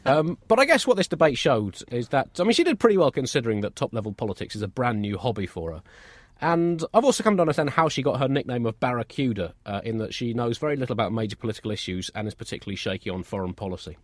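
A man co-hosts a satirical comedy chat, delivering dry, absurdist jokes. His pitch sits mid-range and swings widely. The sound is dry and close. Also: sing-song, fast talker, no room sound. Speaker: comedy co-host.

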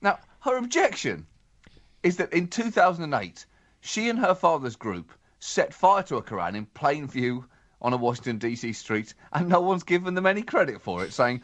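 A man co-hosting a satirical comedy podcast, his slightly high voice swooping with lively, animated intonation. He sounds sardonic and mock-exasperated, and he openly groans at his partner's puns. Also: normal speed. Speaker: co-host.

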